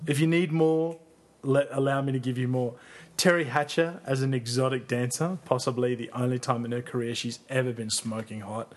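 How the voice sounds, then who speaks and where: Podcast co-host, male, husky edge, gushing and foul-mouthed, casual banter. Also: mid-range voice, fairly even intonation, a little fast. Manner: enthusiastic, profane, playful. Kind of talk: casual chat.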